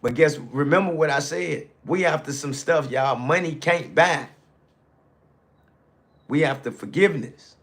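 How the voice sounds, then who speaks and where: A man's voice: on the high side, measured pace, a bit bright. A man telling a personal story on a live stream, calling out to his viewers and repeating lines to drive them home. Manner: repetitive, building emphasis. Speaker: landscaping business owner.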